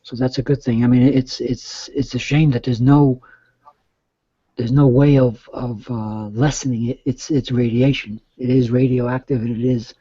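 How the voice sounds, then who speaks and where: Casting note: middle-aged male guest, rambling and mellow, dry lo-fi audio. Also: medium pitch, little pitch movement, moderate pace, no room sound. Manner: rambling, with many restarts. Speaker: guest caller. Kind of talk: casual chat. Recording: dull, dry lo-fi sound.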